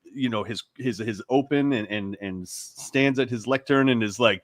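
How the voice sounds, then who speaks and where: A man co-hosting a casual sports talk show, animated and rambling, often laughing and restarting his sentences. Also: mid-range voice, normal speed, dry recording. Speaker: sports radio co-host.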